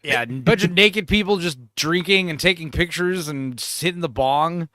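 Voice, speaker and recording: Animated male podcast co-host, bright voice with a slightly high pitch, retells scenes with laughter. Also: moderate pace, no echo. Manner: animated storytelling, laughing often. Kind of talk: casual film chat.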